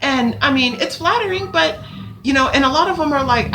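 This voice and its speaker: A young adult woman vlogging to camera, ranting in an animated, exasperated way and swearing now and then. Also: sits high, normal speed, noisy background. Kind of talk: ranting casual vlog.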